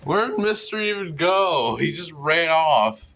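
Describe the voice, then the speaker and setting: A young man vlogging from indoors at home, rambling and excitable, his voice congested. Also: a little high, measured pace, a little hiss or hum. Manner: rambling, excitable, self-correcting. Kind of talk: casual narration while filming a storm.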